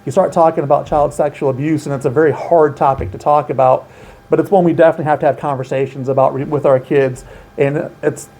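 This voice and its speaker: Earnest guy talking child safety training, mellow warm voice, leans on key words. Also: fairly high pitch. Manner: earnest, emphatic, explanatory. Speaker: outreach coordinator at a children's center. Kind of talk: informational interview.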